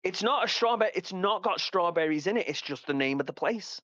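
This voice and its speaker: A man's voice: high-pitched, lively intonation, a little fast, bright, forceful tone, no room sound. Rambling Liverpool man, muffled sound. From England. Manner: rambling, laughs often. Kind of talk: casual chat.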